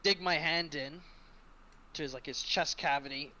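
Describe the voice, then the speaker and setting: A man playing a tabletop game, slowly and hesitantly describing his character's actions. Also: on the high side, sharp tone, highs cut off, slight background noise. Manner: slow, hesitant, full of uhs. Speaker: player.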